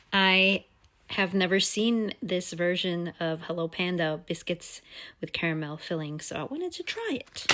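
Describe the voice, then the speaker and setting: A woman's voice: lowish voice, pushed and bright, slight background noise. A young adult woman chatting casually as a vlogger about her weekend, rambling and snacking as she talks. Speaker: PhD student vlogger. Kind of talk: casual vlog chat.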